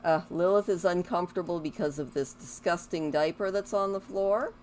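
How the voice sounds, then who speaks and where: A woman's voice: on the low side, moderate pace, darkish tone, slight background noise. A woman giving casual, rambling commentary while playing a life-simulation game, chatting to her characters and drifting into talk about music. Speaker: gaming YouTuber. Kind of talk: casual let's-play commentary.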